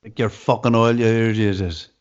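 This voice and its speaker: A man's voice: fairly low pitch, fairly even intonation, moderate pace, clear, resonant tone. A man tells stories and cracks jokes as a podcast guest. His voice comes through slightly dull, with the top end rolled off. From Derry, Northern Ireland. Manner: laddish, jokey storytelling. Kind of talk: casual chat.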